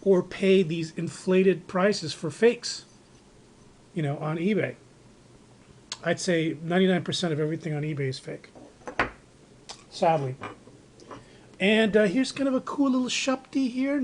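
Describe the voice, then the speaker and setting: A man's voice: sits high, a little slow, pauses often, darkish tone. A man casually showing off collectibles on camera, rambling with many fillers and restarts, recorded indoors on a handheld camera. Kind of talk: casual show-and-tell narration. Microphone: handheld camera microphone.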